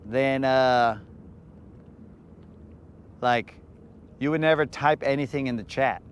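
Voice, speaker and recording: Slow-talking laid-back man. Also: medium pitch, dull audio, a little hiss or hum. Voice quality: laid-back slangy banter, calls viewers bro and dog. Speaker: fishing livestream host. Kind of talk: casual live-stream chat with viewers.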